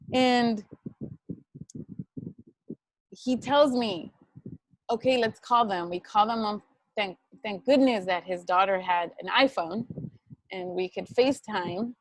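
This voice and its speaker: A woman's voice: medium pitch, gravelly, no room sound. A young adult woman ICU physician telling personal hospital stories to students, earnest and emotional, quoting conversations with frequent restarts. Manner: earnest, emotional, quotes dialogue, many restarts.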